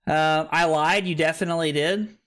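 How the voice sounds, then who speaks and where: A tipsy man streaming live, chatting loudly and jokily into a streaming mic, swearing and laughing often. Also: on the high side, steady tone, normal speed. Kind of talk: casual live-stream chat. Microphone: streaming microphone.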